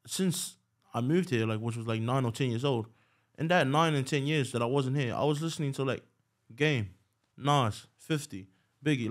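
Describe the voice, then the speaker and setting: Fast-talking laid-back New Zealand man. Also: mid-range voice. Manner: laid-back, frequent "yes, sir" and laughs. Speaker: rapper guest. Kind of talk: casual podcast chat.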